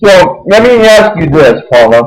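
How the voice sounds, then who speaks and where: A man hosting an interview who asks questions in a halting way, stumbling over repeated words. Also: high voice, sing-song, low-quality recording. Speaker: host. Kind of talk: interview conversation.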